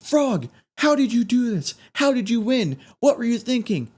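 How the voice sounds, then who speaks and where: A man's voice: extremely high pitch, very animated, a little mellow, breathy edge, pitched above the performer's own voice, full character voice. A man voicing a crowd of eager frog news reporters firing off questions one after another. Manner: rapid-fire eager questioning.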